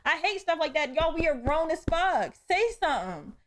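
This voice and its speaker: A young woman hosts her own podcast and rants through everyday stories, blunt and full of swearing. Her voice sits a little high for a woman, and she talks with animated, heated energy. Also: moderate pace, slight background noise. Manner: blunt, profane, animated storytelling. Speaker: podcast host. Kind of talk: casual solo podcast rant.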